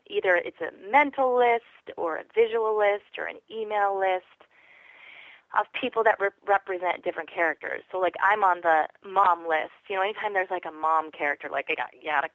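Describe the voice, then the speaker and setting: A voice actress in an interview, talking casually and reflectively with lots of fillers. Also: female voice, on the low side, a little fast, a bit bright, no echo, low-quality recording. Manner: reflective, chatty, many fillers.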